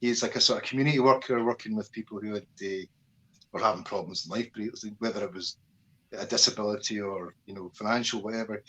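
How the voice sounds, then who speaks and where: A Scottish man and army veteran, talking as an interview guest in a casual, animated storytelling way, swearing freely and acting out voices. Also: lowish voice, fast, low-quality recording.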